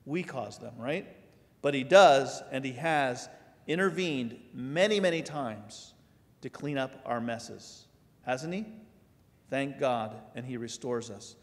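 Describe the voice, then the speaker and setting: A man's voice: medium pitch, slow. A man preaching a sermon as pastor in a conversational way, asking his listeners rhetorical questions. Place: church sanctuary. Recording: long hall reverb.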